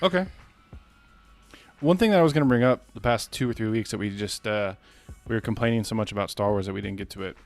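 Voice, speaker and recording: A man's voice: on the low side, fast, soft background music. A man co-hosting a podcast in casual chat, laid-back and swearing, with lots of fillers. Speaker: podcast co-host.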